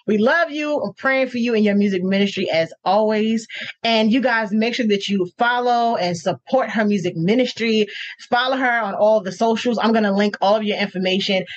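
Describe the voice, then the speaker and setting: Over muffled lo-fi audio, a woman hosting a podcast interview gushes warmly in casual chat. Her pitch is medium and her pace moderate.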